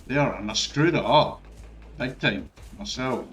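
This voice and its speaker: A man's voice: mid-range voice, unhurried, a bit bright, soft background music. A man giving frustrated, ranting commentary over his own gameplay, swearing often. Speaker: gaming streamer.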